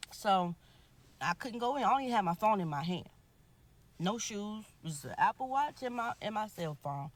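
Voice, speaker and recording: Woman, animated eyewitness retelling, voices the others in her story, mid pitch. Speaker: shooting witness telling her story. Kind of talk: emotional storytelling.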